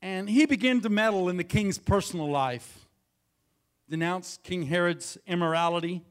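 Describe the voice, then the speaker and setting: High-voiced preaching man. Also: moderate pace. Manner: preaching with wide swings from quiet to loud, repeating phrases. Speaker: pastor. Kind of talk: sermon.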